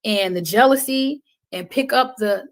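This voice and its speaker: Impassioned woman with a fairly high voice. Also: measured pace, low-quality recording. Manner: impassioned, preaching cadence, swings from loud to hushed. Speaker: guest. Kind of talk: passionate podcast talk.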